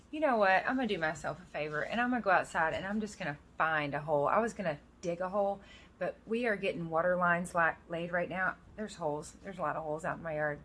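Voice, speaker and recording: A woman's voice: on the low side, fairly bright tone. A woman in her thirties talking casually and earnestly to her viewers, reading scripture verses aloud. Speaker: vlogger. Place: outdoors in the rain.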